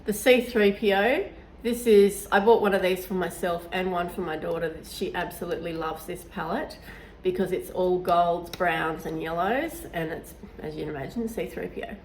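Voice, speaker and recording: A woman's voice: fairly low pitch, moderate pace, a little hiss or hum, rough recording. A middle-aged woman vlogging about her beauty collection in a chatty, enthusiastic way, her voice nasal from a recent cold. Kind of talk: casual to-camera chat.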